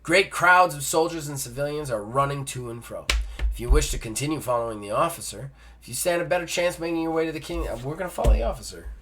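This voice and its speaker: A man's voice: a little high, fast, music in the background. A man hosting a solo gamebook play-through, reading the passages aloud and breaking off for casual joking asides. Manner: reads text then jokes in casual asides. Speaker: host.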